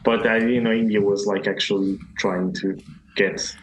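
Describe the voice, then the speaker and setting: A man's voice: lowish voice, flat delivery, normal speed, roomy sound, a little hiss or hum, rough recording. A Portuguese man, a guest on a podcast, speaking English with a Portuguese accent in a hesitant, hedging way with many fillers. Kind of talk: casual chat.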